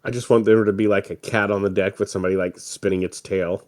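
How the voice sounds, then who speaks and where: A man co-hosting a comedy podcast, making rambling deadpan jokes about an old movie. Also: fairly low pitch, fast, no echo, studio quality. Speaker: podcast co-host. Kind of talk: casual movie riffing commentary.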